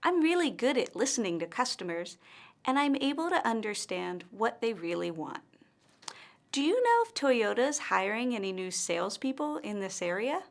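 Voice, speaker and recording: A woman modeling a confident woman job seeker's pitch, with clearly stressed words and deliberate pauses. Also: very animated.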